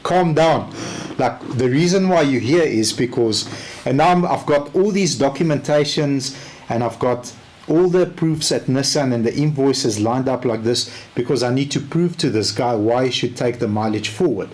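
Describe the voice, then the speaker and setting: Animated South African man telling a story. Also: mid-range voice, normal speed. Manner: animated, acts out both sides of a story. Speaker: car sales trainer. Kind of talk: casual storytelling training talk.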